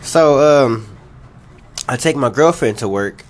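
Brief: male podcast co-host, mid-pitched voice, relaxed rambling storyteller, swears freely. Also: slow pace. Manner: laid-back, profane, rambling anecdotes. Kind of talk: casual storytelling chat.

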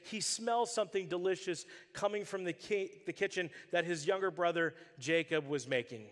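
In a large hall, a high-voiced male pastor preaches at a moderate pace, barely pausing. His sermon is full of lively storytelling, and he gives the characters their own voices.

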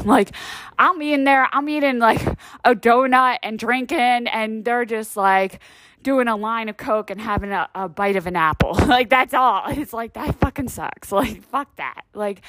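A woman's voice: medium pitch, fairly bright tone, no room sound. A woman hosting her own vlog in a casual, rambling monologue, swearing freely and saying "like" constantly. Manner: rambling, profane, heavy use of "like". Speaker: vlog host.

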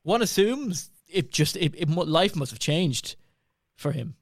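A man's voice: on the high side, expressive, unhurried, dry recording, studio quality. A man in a casual film discussion, rambling with many restarts and a playful tone.

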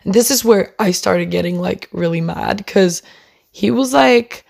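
A woman's voice: mid-range voice, a little slow, creaky. A young woman, not a native English speaker, casually telling an indignant story with lots of fillers. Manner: animated, indignant retelling with fillers.

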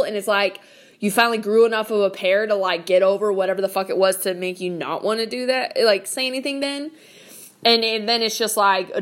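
A woman's voice: mid-range voice, a little fast, fairly bright tone. A woman in her late twenties ranting casually about a guy, blunt and swearing constantly, with a lot of filler "like". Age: late 20s. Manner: blunt, heavy swearing, lots of "like". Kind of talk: casual storytelling rant.

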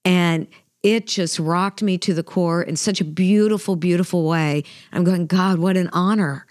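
On her faith podcast, a middle-aged co-host tells a personal story with real emotion, frequently pausing on fillers and starting over. Her lowish, slightly mellow voice stays steady and unhurried. The sound is dry and studio quality.

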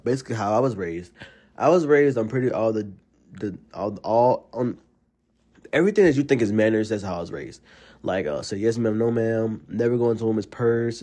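This is a man from Alabama with a Southern US accent, hosting his own podcast alone. His voice sits a little low, and he tells his stories in a rambling, animated way, full of fillers and restarts. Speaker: podcast host. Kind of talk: casual solo podcast monologue.

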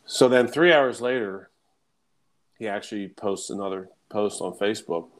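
A man who works as a coach, telling a story in casual chat, animated, swearing, and acting out the people he quotes. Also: on the low side, normal speed.

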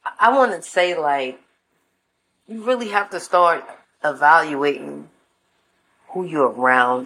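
A woman's voice: low-pitched, unhurried, pauses often, a bit bright, a little hiss or hum, poor audio. A woman talking in a laid-back, slangy casual monologue, giving life advice to her viewers. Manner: laid-back and slangy, acts out voices in anecdotes.

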